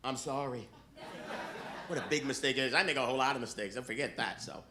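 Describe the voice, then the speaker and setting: A man's voice: medium pitch, fast talker, noisy background. A middle-aged man doing stand-up comedy, brash and profane, teasing the audience from a club stage. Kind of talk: stand-up comedy with crowd work. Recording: live club recording with audience laughter.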